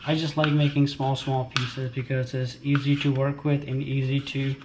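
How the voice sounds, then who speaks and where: A man talks in an easy, informal way, walking through each step in his home kitchen. His voice sits at an ordinary pitch. The room is echoey, with clear household noise behind him. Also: little pitch movement, normal speed. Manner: chatty, informal, explains step by step. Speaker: dog owner and trainer. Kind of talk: casual home cooking vlog. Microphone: camera held by a helper.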